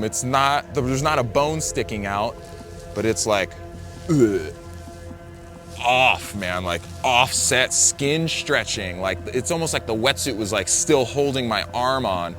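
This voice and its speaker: A man with a bright, forceful voice tells his story in a loose, rambling way. He leans on "like" and often restarts his sentences. Soft music sits faintly underneath. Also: medium pitch, animated, measured pace. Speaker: big-wave surfer. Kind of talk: casual personal storytelling.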